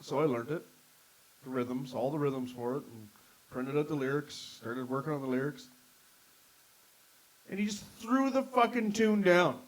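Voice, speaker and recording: A man's voice: on the high side, lively intonation, normal speed, long pauses, rough recording. A man hosting a casual podcast, telling rambling stories and swearing freely. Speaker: podcast host. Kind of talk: casual chat.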